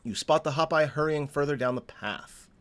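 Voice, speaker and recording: A man's voice: a little high, moderate pace, fairly bright tone. A man hosting a game playthrough, reading the story text aloud and breaking off for chatty asides. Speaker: let's play host.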